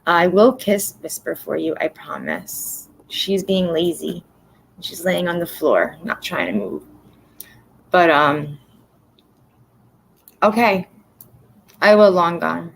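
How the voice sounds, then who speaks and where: A woman's voice: on the low side, expressive, slow pace, vocal fry, long pauses, slight background noise, low-quality recording. A sleep-deprived woman hosting a casual livestream, rambling candidly, swearing freely and laughing at herself. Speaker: livestream host.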